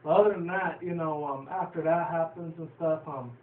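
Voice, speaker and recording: A man's voice: on the high side, normal speed. A man recapping a cartoon episode in a loose, rambling way, full of fillers and casual swearing. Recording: distant, roomy, phone-like, faint hiss.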